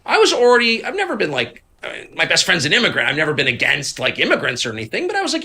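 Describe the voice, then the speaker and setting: A man in his fifties, a guest in a conversational interview, who tells stories with animated, mocking impressions of other people. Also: racing. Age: 50s. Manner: animated storyteller, acts out others in high mocking voices. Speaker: interview guest, media figure.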